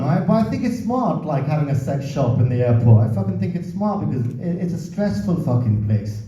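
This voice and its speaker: Dude swearing thru a stand-up set, dull muffled club recording, kinda echoey. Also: male voice, a little high, animated, moderate pace, few pauses, warm tone, far from the mic. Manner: crude, swearing, conversational crowd work. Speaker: stand-up comedian. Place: comedy club stage.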